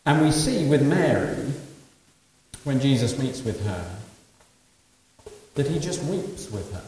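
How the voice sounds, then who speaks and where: A man preaching a sermon. He asks rhetorical questions and swings between quiet and loud passages. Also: mid-range voice, big pitch swings, takes it slowly. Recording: echoey hall from far off, faint hiss.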